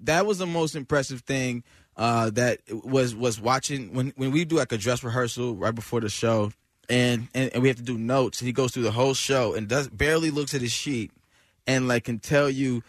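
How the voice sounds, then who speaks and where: A man's voice: medium pitch, normal speed, no room sound. Laid-back slangy man in a radio studio. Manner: laid-back, loose slangy talk with restarts and laughter. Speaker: comedian guest. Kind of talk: casual interview chat.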